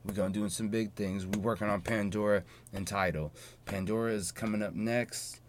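A man's voice: lowish voice, fairly even intonation, moderate pace, slight background noise. Profane, boastful young male podcast host. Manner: profane, boastful street slang. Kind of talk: casual solo podcast monologue.

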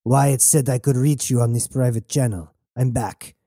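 A breezy, confident female crew member, voiced by a man in a radio drama, relaxed and offhand in her speech. The voice is dark and mellow, recorded close and dry. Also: medium pitch, normal speed, dry recording, natural voice.

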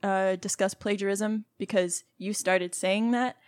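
A woman's voice: medium pitch, fairly even intonation, dry recording, studio quality. A young adult woman co-hosting a casual podcast, joking around but explaining things carefully. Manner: playful, quick to laugh, careful explainer. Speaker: podcast co-host. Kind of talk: casual chat.

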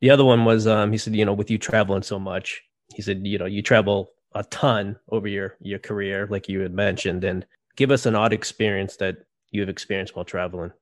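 Male podcast host, low voice, relaxed interviewer, dry close mic. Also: a little fast, hardly any pauses, no room sound. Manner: relaxed, relays listener questions. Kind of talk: casual interview chat.

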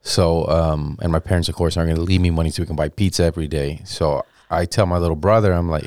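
A man in his thirties, a comedian guest, telling a rambling, animated story and acting out the voices of people in it. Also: low-pitched, fast talker, hardly any pauses, no echo, clean studio sound. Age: 30s. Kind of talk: casual storytelling anecdote.

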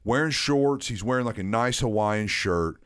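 Deadpan man telling a story. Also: mid-range voice, normal speed, clear, resonant tone. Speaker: podcast co-host. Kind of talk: casual storytelling chat.

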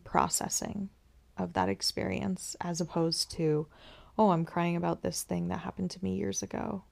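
A young woman hosting a podcast, telling a personal story in a soft, reflective way, with many pauses and repeated phrases. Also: fairly low pitch, creaky. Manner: slow, soft-spoken and reflective, many "um"s and repetitions. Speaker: podcast host.

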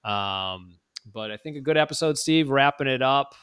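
Rambling, self-correcting podcast host. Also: male voice, medium pitch, animated, normal speed, crowd noise. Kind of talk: casual chat.

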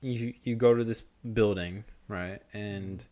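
A young man telling a story in casual chat, slangy, swearing a lot and animated. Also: lowish voice, slow.

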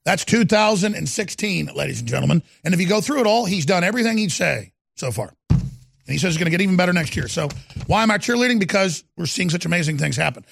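Man, middle-aged, talk host, gravelly, raised pitch, dry close sound, ranting, sneering. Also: lively intonation, no room sound. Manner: ranting, sneering, bursts of loud emphasis; fast product pitching. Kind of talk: heated political talk.

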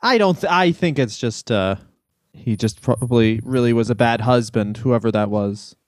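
A man's voice: mid-range voice, normal speed, dry recording. A man co-hosting a podcast in casual comedic chat, spinning absurd, profane riffs. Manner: profane, absurd riffs, laughs at his own bits. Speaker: podcast co-host.

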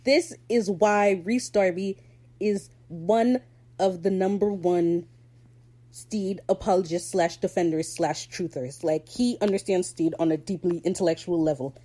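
A woman's voice: fairly low pitch, a little slow, dark tone. A woman hosting a podcast, recapping a TV episode in slangy, opinionated casual chat and laughing easily. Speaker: podcast host.

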